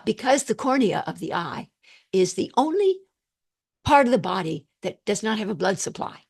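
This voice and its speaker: An older woman teaches psychotherapy over a video call in a gravelly voice with a husky edge. She talks in an animated, rambling way and drifts into asides. It sounds like a relaxed lecture. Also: mid-range voice. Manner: animated, digressive, laughs at own jokes. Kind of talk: online lecture.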